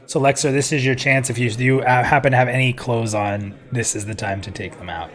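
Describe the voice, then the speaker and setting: A man at a mid-range pitch hosts a live stream in relaxed, casual chat. He jokes with his guests and laughs easily, talking into a desk microphone. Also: a little fast. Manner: joking and chatty, laughs often. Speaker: live stream show host.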